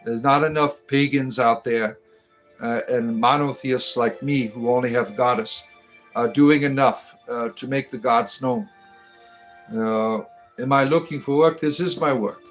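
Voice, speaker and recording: A man's voice: medium pitch, steady tone, unhurried, soft background music. A man hosting a casual livestream as a satirical spiritual entertainer, reading chat comments aloud with joking asides and filler ums. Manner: rambling, joking, reads viewer names aloud with filler ums.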